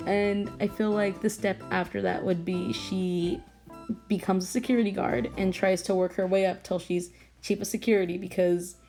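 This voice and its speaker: With a medium-pitched, dark-toned voice, a young woman vlogger talks through her own character drawing in a late-night ramble at home. She keeps interrupting herself, restarting sentences and giggling often.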